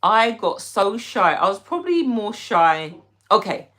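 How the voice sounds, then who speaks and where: A woman's voice: mid-range voice, big pitch swings, a little slow, fairly bright tone. A young British woman hosting a live stream, chatting casually and giggling as she answers viewers by name. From Britain. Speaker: livestream host reading chat.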